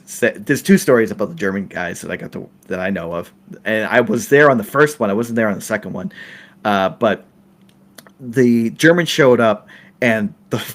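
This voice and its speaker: A middle-aged man hosting a podcast, telling a film-set story in a casual way, laughing and restarting his sentences often. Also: medium pitch. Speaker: podcast host.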